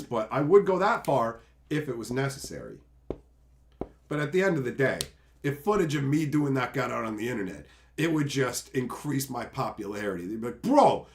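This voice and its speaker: Animated man chatting on a livestream. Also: medium pitch, brisk. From Canada. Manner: animated, jokey, swings into mocking voices. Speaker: streamer reading chat. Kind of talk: casual livestream chat.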